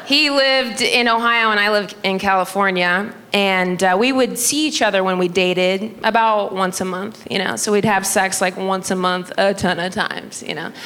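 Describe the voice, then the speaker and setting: A woman performing a stand-up comedy set on a club stage, telling stories in a chatty way with lots of "you know" and mimicking others in a higher voice. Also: moderate pace, hardly any pauses, a bit bright. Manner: chatty storytelling, frequent "you know", mimics her mother in a high voice. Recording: live club recording, audience laughter and room noise.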